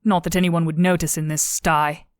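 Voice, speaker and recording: A woman's voice: sits low, level tone, moderate pace, no echo, clean studio sound, natural voice. A woman voicing a fierce young female police cadet who delivers cutting, contemptuous insults.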